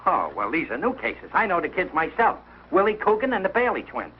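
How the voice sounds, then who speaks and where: An actor playing an excitable, sentimental working-class father in a 1940s radio sitcom, lively and self-pitying. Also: high-pitched, brisk. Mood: blustering. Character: blustering, sentimental working-class family man. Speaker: father of the household. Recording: dull old radio broadcast with faint hiss.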